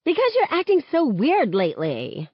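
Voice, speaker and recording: A woman voicing a blunt, defensive teenage girl who bursts out loudly and in disbelief. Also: high voice, very animated, slow, no room sound, pitched above the performer's own voice, full character voice. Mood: indignant. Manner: loud, incredulous outbursts. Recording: dull, muffled audio.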